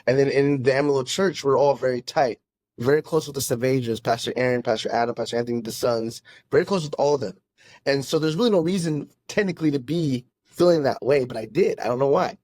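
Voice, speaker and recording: A pastor telling his own faith story in a podcast conversation, earnest and halting, often restarting his sentences. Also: medium pitch, darkish tone, no echo. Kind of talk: casual testimony in a conversation.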